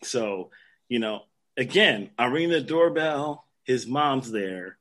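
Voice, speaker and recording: Lively storytelling man, laughing often. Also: mid-range voice, slow pace. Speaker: guest telling a story. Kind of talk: casual chat.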